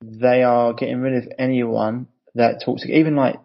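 A man's voice: mid-range voice, flat delivery, moderate pace, creaky. A man hosting a podcast, talking in a chatty, jokey way during a casual conversation, and he swears now and then. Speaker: podcast host. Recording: dull lo-fi audio.

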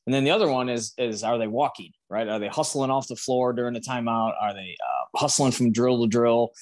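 A man's voice: mid-range voice, brisk, a little mellow. A man who coaches young players, chatting on a podcast and acting out the words he says to his players. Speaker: high school coach. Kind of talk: casual discussion on leadership.

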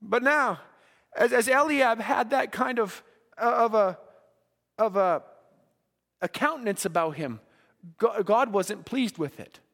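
Very high-voiced man preaching in an echoing hall. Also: measured pace, creaky, long pauses, a bit bright. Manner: earnest, repeats words while building a point. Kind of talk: sermon to young people. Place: church.

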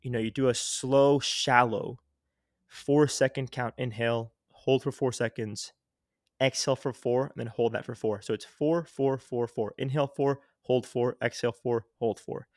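A man's voice: medium pitch, moderate pace, no echo. Young guy on a podcast giving breathing tips, earnest, lots of "like", mid voice, dry close mic. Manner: earnest, coaching, full of "like" and restarts. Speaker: podcast guest, health coach. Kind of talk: casual instructive interview talk.

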